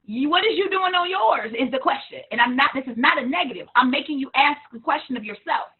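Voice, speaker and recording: A woman business coach giving a blunt, animated motivational talk on selling through social media, sometimes hollering with laughter. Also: high voice, fast talker. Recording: tinny phone-like sound.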